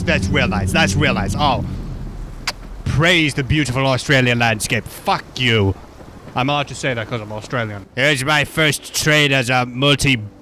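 A man's voice: medium pitch, bright, forceful tone, a little hiss or hum. A man doing joking, profane gameplay commentary, rambling and goofy as he plays. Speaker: gaming YouTuber.

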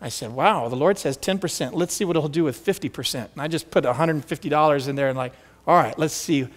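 A male pastor tells stories from the pulpit, leaning into every quoted line. His voice sits a little high for a man. The sound carries a long reverb from the sanctuary. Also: quick pace. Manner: animated, acts out quoted voices. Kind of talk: storytelling sermon. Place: church sanctuary.

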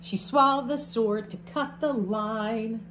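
A woman, a teacher reading a picture book aloud to her class, expressive, with chatty asides between the verses. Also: a little high, takes it slowly, soft background music.

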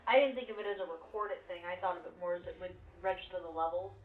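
A woman's voice: lowish voice, quick pace, a crowd in the background. Woman chatting over a tinny line. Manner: chatty, asks questions, playful. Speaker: streamer's companion in the room. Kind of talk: casual chat. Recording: tinny phone-like sound with faint background hiss.

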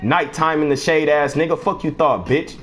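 A man's voice: a little high, moderate pace, a loud crowd. A man streaming a basketball video game, trash-talking opponents and barking orders at teammates in a profane, taunting way. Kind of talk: live gameplay trash talk.

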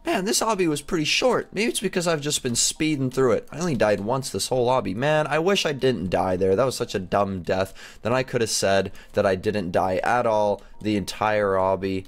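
A young man hosting a gaming video, chatting excitedly to his viewers as he plays. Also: on the low side, normal speed, few pauses. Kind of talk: game commentary.

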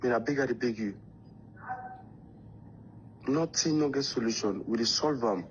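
A man's voice: mid-range voice, moderate pace, highs cut off, slight background noise. A man with a Sierra Leonean Krio English accent leaving a private voice message, pleading and reassuring, often repeating questions to check he is understood.

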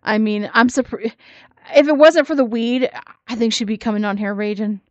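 A woman's voice: fairly high pitch, normal speed, darkish tone, no room sound, highs cut off. A woman giving sassy, mocking reaction commentary on another creator's video. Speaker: commentary YouTuber.

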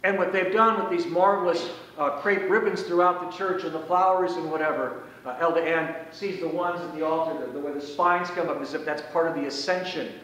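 A man priest giving a conversational, folksy sermon, slowing down to stress key phrases, in a church sanctuary. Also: a little high, fairly even intonation, a bit bright. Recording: echoey church from far off.

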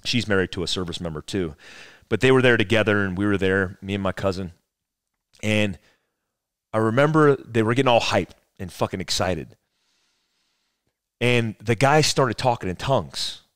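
Profane low-voiced man telling stories. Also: normal speed, long pauses, fairly bright tone, no room sound, studio quality. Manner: profane, rambling storyteller. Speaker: podcast guest, former special forces soldier. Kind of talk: casual storytelling conversation.

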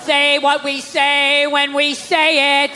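Man playing a slow, commanding church teacher, loud and bossy. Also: very high voice, completely flat delivery, music in the background, a crowd in the background. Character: bossy male church teacher, drilling obedience. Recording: live stage with loud audience.

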